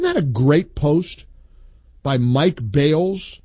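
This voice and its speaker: A man's voice: a little high, animated, moderate pace, darkish tone, dry recording. A man hosting a talk radio show, speaking emphatically and reading listener posts aloud. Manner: emphatic, reads a post aloud with rising indignation.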